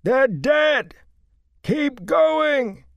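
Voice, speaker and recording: A man voicing a young man who shouts a desperate warning across a field at the top of his lungs. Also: very high-pitched, lively intonation, drawn-out words, vocal fry, no echo, lo-fi sound, pitched above the performer's own voice, heavily acted. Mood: desperate shouting. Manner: bellowing at full volume.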